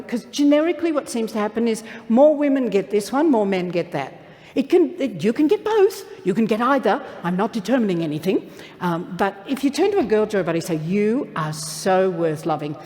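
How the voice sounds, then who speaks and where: Animated woman speaking in a big hall. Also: mid-range voice. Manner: animated, playful, talks straight to the audience. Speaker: keynote speaker. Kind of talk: motivational keynote speech. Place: large event hall. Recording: reverberant hall.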